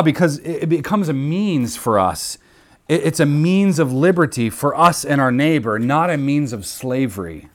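A man preaching a sermon, earnest and emphatic, repeating key phrases for weight. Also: mid-range voice.

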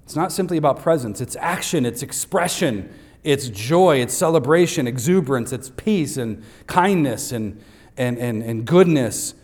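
A male pastor preaches in a church, mid-pitched and ordinary in tone. He hammers home each point by repeating it slowly for the note takers, with a dry joke now and then. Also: lively intonation, a little mellow. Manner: light humor aimed at the congregation. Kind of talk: Father's Day sermon. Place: church sanctuary.

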